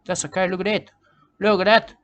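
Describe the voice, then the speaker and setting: A man's voice: sits high, flat delivery, fairly quick, fairly bright tone. A man voicing a rambling, self-important male bush poet in a comic monologue, repeating himself and tagging lines with "okay?" and "mate".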